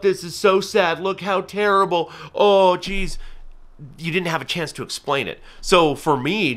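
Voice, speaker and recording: A man's voice: mid-range voice, pushed and bright. A man hosting his own channel, explaining a hobby carefully and earnestly, with everyday examples. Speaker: falconer and channel host. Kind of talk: casual educational talk to camera.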